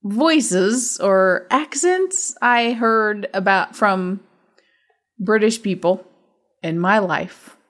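A woman's voice: mid-range voice, drawn-out words, a bit bright. A woman from the Midwest, co-hosting a movie podcast in chatty, teasing conversation. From American Midwest. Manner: laughing often, chatty and teasing. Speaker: podcast co-host. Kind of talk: casual movie podcast chat.

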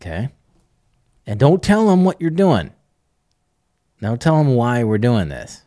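In a relaxed podcast conversation, a middle-aged man coaches animatedly, slipping into bits of dialogue and frequently chuckling. His mid-range voice is unhurried, and the recording is dry, clean studio sound.

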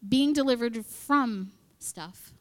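A woman with a slightly high voice talks at a slow pace in a chatty sermon to a women's church gathering. In front of the live audience, she performs quoted voices and lowers to a whisper for asides.

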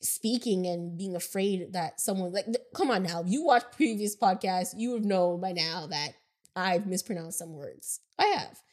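A woman co-hosting a casual podcast, chatty and self-deprecating, often laughing, with a somewhat squeaky voice. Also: normal speed, darkish tone. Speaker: podcast co-host.

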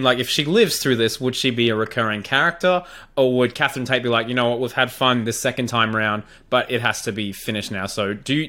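A man's voice: mid-range voice, sharp tone. A man hosting a podcast, chatting casually and playfully, poking fun at himself. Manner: playful, self-mocking. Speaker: podcast host. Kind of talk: casual chat.

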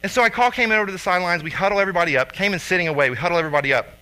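A man in his thirties, a father and youth coach, telling a personal story with lively acted-out quotes. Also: high-pitched, rapid-fire, smooth, low-quality recording. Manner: animated storyteller acting out quotes loudly.

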